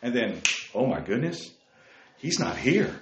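A man preaching a sermon to young people, lively, calling listeners by name and asking them questions, swinging from loud outbursts to hushed asides. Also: medium pitch, a little slow, roomy sound, noisy background. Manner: addresses listeners by name, asks rhetorical questions. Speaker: youth preacher.

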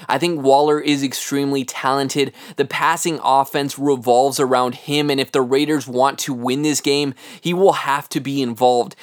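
A man hosting a solo sports podcast, giving an earnest, analytical game preview and talking to his listeners as guys. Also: medium pitch. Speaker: podcast host.

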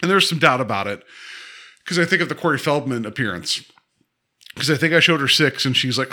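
A man's voice: medium pitch, lively intonation, quick pace, pauses often, sharp tone. A man co-hosting a podcast in casual chat, joking and laughing often, with many fillers. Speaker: podcast co-host.

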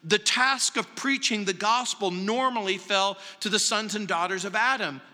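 A man preaching a verse-by-verse sermon as pastor, slow and emphatic, often dropping soft to stress a point. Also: high voice, big-room sound. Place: large church sanctuary.

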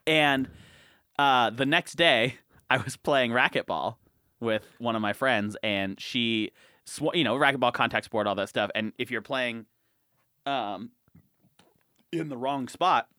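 A young man in his twenties, co-hosting a podcast and telling a funny story in casual chat, acting out what people said with big loud swings. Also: mid-range voice, unhurried, pauses often, clean tone, dry recording, clean studio sound. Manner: animated storyteller, acts out quotes loudly. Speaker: podcast co-host.

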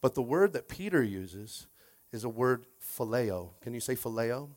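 A man's voice: lively intonation, measured pace. A man pastor preaching a casual, conversational sermon, repeating his words and coaxing the congregation to respond. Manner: acts out quoted voices with shifts in pitch and loudness.

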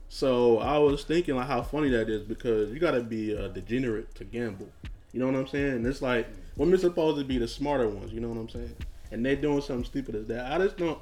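A man hosting a laid-back podcast, talking in a joking, offhand way and saying sorry often. His voice sits at an everyday pitch, with a little music in the background. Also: darkish tone. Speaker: podcast host. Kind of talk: casual podcast chat.

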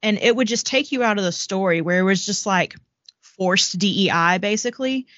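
A woman co-hosts a casual book podcast and talks frankly about what she has read. Her voice is mid-pitched and recorded dry, with no room sound. The audio is dull and lo-fi. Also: moderate pace, fairly bright tone, no room sound. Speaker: podcast co-host.

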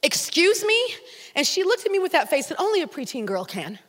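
A middle-aged woman pastor, preaching a sermon with animated storytelling that rises to shouts, in a large church hall. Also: high-pitched, quick pace. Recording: long hall reverb.

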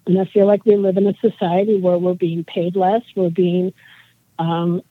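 A woman's voice: lowish voice, flat delivery, moderate pace, dry recording. Woman, 40s, interview guest, earnest, rambling, heartfelt, tinny phone-like audio. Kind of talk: casual interview chat. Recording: dry tinny phone-like line.

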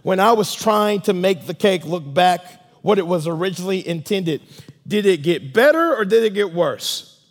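A man's voice: high voice, animated, normal speed. A male pastor preaching a sermon emphatically and calling on the congregation to respond. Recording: long reverb of a large room.

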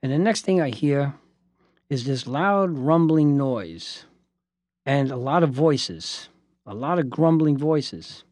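A man, a lawyer, telling a lively anecdote with asides and voiced quotes. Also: mid-range voice, slow, no echo. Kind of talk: spoken anecdote.

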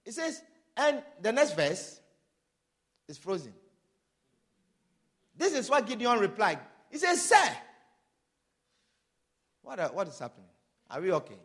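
A man's voice: high voice, sing-song, moderate pace, long pauses, a bit bright. A man preaching a sermon as pastor, reading scripture aloud in old wording and rising into bursts of emphasis.

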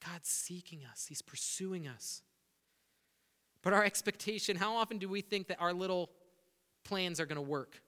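Pastor, male, high bright voice, animated sermon delivery, reverberant church hall. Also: normal speed, long pauses. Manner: animated preaching, acts out prayers to God.

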